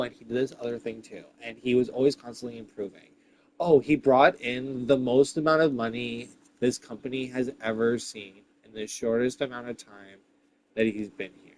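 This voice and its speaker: A man's voice: mid-range voice, slight background noise, poor audio. A man ranting casually to camera, exasperated and profane, with lots of "like" fillers. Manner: many "like" fillers. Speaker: vlogger. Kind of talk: casual rant.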